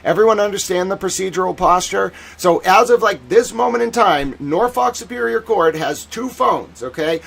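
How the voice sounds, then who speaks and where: A man hosting a casual legal commentary stream, animated and sarcastic, who mocks people in whiny put-on voices. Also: high voice, moderate pace, vocal fry, few pauses, slightly rough. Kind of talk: casual chat.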